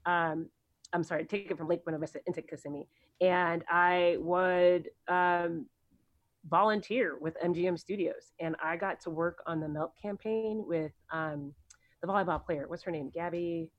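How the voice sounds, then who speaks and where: A woman's voice: fairly low pitch, fairly even intonation, moderate pace, dry recording, dull audio. A woman guest on a podcast, telling stories from her career in a chatty, rambling way with many ums and likes. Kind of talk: casual interview storytelling.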